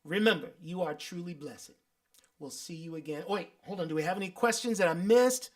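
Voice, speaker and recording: A man's voice: sits high, a little fast. A man hosting his weekly livestream, affirming viewers and reading their comments aloud. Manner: sings and hums playfully. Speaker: host and musician. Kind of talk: livestream sign-off chat.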